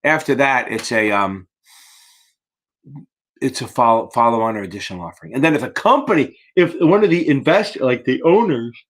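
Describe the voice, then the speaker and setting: A securities-exam tutor hosts a casual live Q&A stream, yawning from fatigue, talking bluntly and profanely, and calling viewers baby. He speaks at normal speed in a medium-pitched, slightly bright voice with lively intonation.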